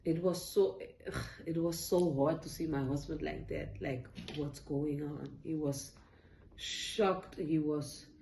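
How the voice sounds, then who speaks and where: A young woman recounts a painful personal story for her vlog, her voice low-pitched and mellow. She speaks haltingly, circling back with fillers and restarts and sometimes close to tears. A faint hiss of background noise sits under her voice. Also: low-quality recording. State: tearful at times. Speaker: vlogger. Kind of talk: emotional personal story time.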